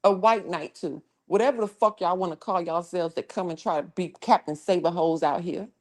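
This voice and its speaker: She has a lowish voice and speaks fairly quickly. Hosting a laid-back livestream, the woman uses profanity and confrontationally rebukes trolls in the chat.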